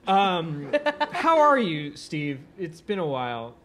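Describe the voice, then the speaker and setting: A man's voice: on the high side, huge pitch swings, slow, a bit bright, a little hiss or hum. A man hosting a live comedic podcast in a bar, often breaking into laughter. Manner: laughs often between remarks. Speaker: podcast host.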